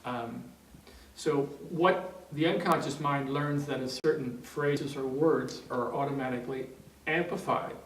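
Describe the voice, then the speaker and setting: Formatore che racconta in una sala con eco. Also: male voice, medium pitch, measured pace. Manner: rambling, many fillers and restarts, chuckling storyteller. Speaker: NLP trainer. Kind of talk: anecdote told in a training seminar. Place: training room. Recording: roomy hall, distant mic, faint noise.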